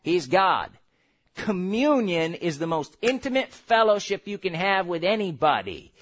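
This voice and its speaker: Male preacher, high voice, lively sermon delivery, acts out little scenes. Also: a little slow. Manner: animated, acts out quotes, laughs.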